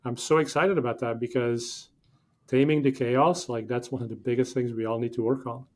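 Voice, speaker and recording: A man in a podcast interview talks through his ideas with eager, rambling energy. His pitch sits in a middle range, and he leans on fillers and quick restarts as his thoughts tumble out. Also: steady tone, darkish tone. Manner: enthusiastic, rambling explanations with many fillers. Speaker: podcast guest. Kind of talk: conversational interview.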